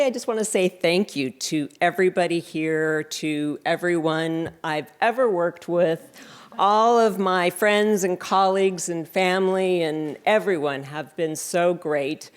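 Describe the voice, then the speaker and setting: Giving thanks for an award at a library reception, a woman in her fifties speaks in a smooth, lowish voice. She keeps the speech wry, with sarcastic and self-deprecating humor.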